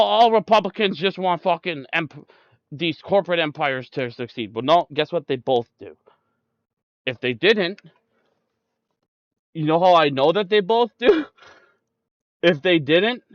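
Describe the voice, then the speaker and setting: A man's voice: sits high, fairly bright tone, no echo. A young man ranting about politics, combative and full of swearing, addressing his listeners directly. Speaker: streamer. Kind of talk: political rant. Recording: dull, dry close-mic sound.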